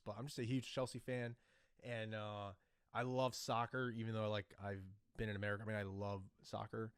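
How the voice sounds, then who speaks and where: Rambling man with a low, dry voice. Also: fairly even intonation, normal speed, clean tone, no room sound. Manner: rambling, with many fillers and restarts. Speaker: podcast host. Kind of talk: casual solo commentary. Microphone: desk microphone.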